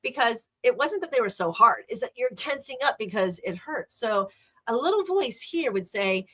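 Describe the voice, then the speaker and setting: A woman's voice: on the high side, very animated, normal speed, bright, forceful tone. A woman hosting a podcast, talking in a chatty, rambling and enthusiastic way. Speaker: podcast host. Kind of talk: casual solo podcast talk.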